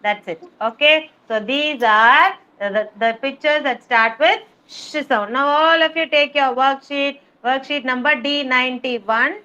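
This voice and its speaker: Woman kindergarten teacher, slow sing-song phonics drilling over video call, high-pitched. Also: pushed and bright, dull audio. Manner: slow, drawn-out sounding of letters, patient repetition. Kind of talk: online phonics lesson for young children.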